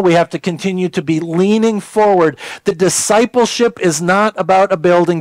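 High-voiced pastor preaching. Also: male voice, dry recording. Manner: conversational, folksy preaching with repeated words; slows down to read scripture aloud. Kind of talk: sermon.

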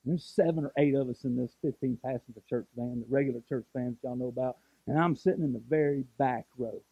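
A man's voice: mid-range voice, fast talker, vocal fry, husky, no echo, phone-quality sound. A pastor in his forties preaching a sermon as a story, with emphatic rises and frequent restarts. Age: 40s.

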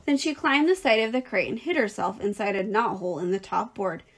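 A woman teacher reading a children's book aloud with clear, expressive storytelling. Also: medium pitch, a little fast.

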